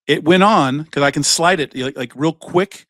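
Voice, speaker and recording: A man's voice: a little high, normal speed, fairly bright tone, dry recording. A man co-hosting a podcast in a studio, telling a rambling story in casual chat, with plenty of swearing. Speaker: podcast co-host.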